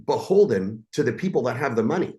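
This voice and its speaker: A man's voice: medium pitch, animated, quick pace, mellow. A man coaching others, talking in a brash, swearing, salesman manner in casual podcast chat.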